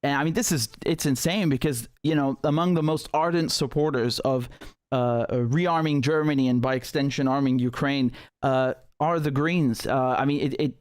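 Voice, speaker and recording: A man's voice: medium pitch, steady tone, normal speed. A man hosts an online interview in a casual, conversational way, often stumbling and restarting his sentences. His voice is recorded dry and close, with no room echo. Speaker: host.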